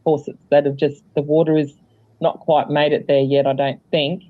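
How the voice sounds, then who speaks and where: A man's voice: a little high, level tone, moderate pace. Hesitant man with a rambling delivery, dull lo-fi sound. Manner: rambling, hesitant with many fillers. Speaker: guest. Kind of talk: casual chat.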